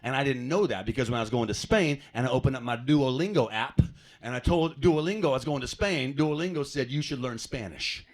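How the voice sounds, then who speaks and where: This American comic works a comedy club stage in a mid-range voice, talking quickly and conversationally to the audience. He pokes fun at himself throughout his set.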